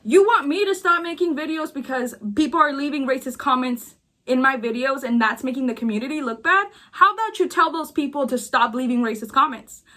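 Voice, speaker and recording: Woman creator, casual vent, fairly high pitch, emphatic and insistent. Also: pushed and bright. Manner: emphatic, repeats points for force. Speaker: video creator. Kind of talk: casual venting chat.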